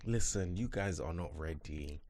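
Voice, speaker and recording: A man co-hosting a podcast in casual chat, playful, finishing his friend's sentences with quick camp asides. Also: low voice, a crowd in the background. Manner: playful, chiming in, camp exclamations. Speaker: podcast co-host.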